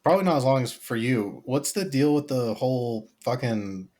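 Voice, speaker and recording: A man's voice: mid-range voice, moderate pace. A young man co-hosting a podcast, chatting casually and profanely, leaning on "like" as he tells stories. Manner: profane, animated storytelling with filler "like". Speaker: podcast co-host. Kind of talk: casual chat.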